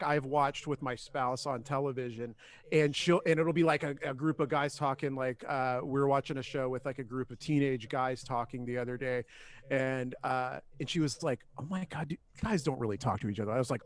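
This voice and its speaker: Rambling, swearing male podcast co-host. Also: mid-range voice. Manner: rambling, swears often, many restarts. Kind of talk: casual chat.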